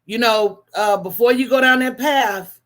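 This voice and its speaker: A woman hosting a casual livestream, telling stories in an animated, preachy way with call-and-response asides to her viewers. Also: on the high side, measured pace. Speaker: host.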